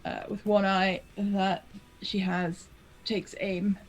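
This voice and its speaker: A woman playing a tabletop role-playing game, describing her character's actions slowly and hesitantly. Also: mid-range voice, flat delivery, rough recording. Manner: slow and hesitant, searching for words. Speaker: player.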